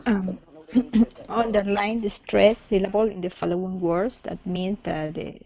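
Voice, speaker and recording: Woman English learner; hesitant, gropes for words, gravelly. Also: mid-range voice, fairly even intonation, a little slow, dull audio. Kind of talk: classroom answers. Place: classroom.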